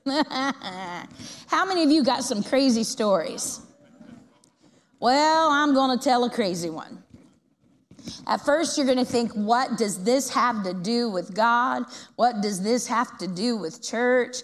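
A middle-aged woman preacher telling a long, lively story in a church and asking the congregation questions. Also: a little high, in a large hall. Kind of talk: storytelling sermon.

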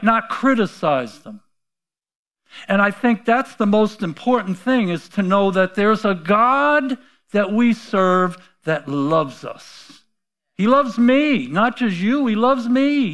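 A man's voice: high-pitched, fairly bright tone. A man preaching an informal sermon in a rambling, folksy way, chuckling between points. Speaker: pastor.

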